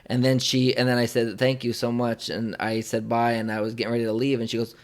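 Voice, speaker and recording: A man's voice: mid-range voice, little pitch movement, quick pace, hardly any pauses. A young man interviewing a guest, telling a personal story in a rambling, emotional way, full of fillers and restarts. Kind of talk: casual conversational storytelling.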